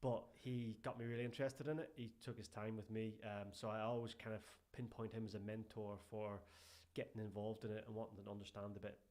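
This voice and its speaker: Irish guy, kinda low voice, rambling through gym stories, keeps saying mate. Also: a little fast, hardly any pauses. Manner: lively anecdotal storyteller, calls the host "mate". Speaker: guest, strength and conditioning coach. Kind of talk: casual podcast interview chat.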